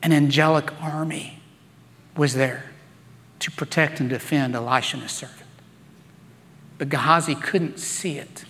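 A pastor preaches a sermon, telling Bible stories with playful acted-out voices. His voice is on the high side and fairly bright, steady in tone, a little slow, with frequent pauses, all carried by the long reverb of a large hall.

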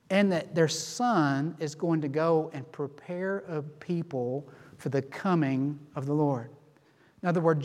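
A man preaching a sermon with a voice pitched a little high. He is expressive and acts out people's reactions as he teaches. The sound carries a long reverb from the sanctuary. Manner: expressive, acts out quoted responses. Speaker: pastor.

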